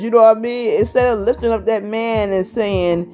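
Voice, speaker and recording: A woman's voice: a little high, a little fast, few pauses, dark tone, soft background music. Chatty fifty-year-old woman vlogging. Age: 50s. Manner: chatty, rambling, constantly asks "you know what I mean". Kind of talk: casual vlog monologue.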